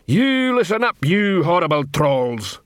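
A man's voice: on the high side, expressive, fairly bright tone, no room sound, clean studio sound, pitched above the performer's own voice. A man voicing a pompous bellowing troll drill sergeant. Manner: bellowing, slow-witted, pompous orders. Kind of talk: audiobook character voice.

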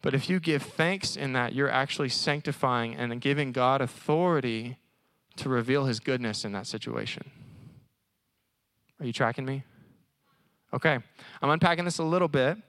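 A man preaching at a college service in a conversational, animated way, often acting out little voices. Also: mid-range voice, moderate pace, dry recording. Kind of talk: sermon.

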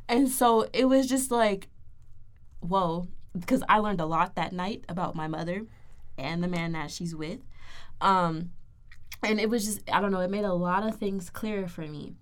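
A woman's voice: medium pitch, normal speed. A young woman co-hosting a casual podcast, telling a family story with lots of laughter and acted-out quotes. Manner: animated, acts out quoted voices, laughs often. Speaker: podcast co-host.

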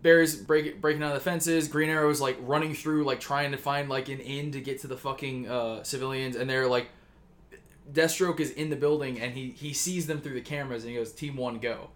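A man chats casually, telling a long story with plenty of swearing. He rambles and jumps in to act out the characters' lines. His voice sits at an ordinary middle pitch. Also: steady tone, brisk. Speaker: podcast co-host pitching a story.

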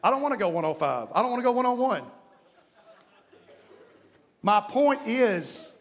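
A man preaching a sermon as pastor, moving between loud exhortation and quiet, hushed prayer. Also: extremely high pitch, very animated, unhurried, pauses often. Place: church sanctuary. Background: congregation.

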